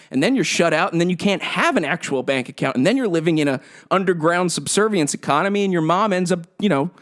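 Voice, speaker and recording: A young man hosting a solo podcast, ranting with sarcastic, profane emphasis. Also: fairly high pitch. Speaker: podcast host.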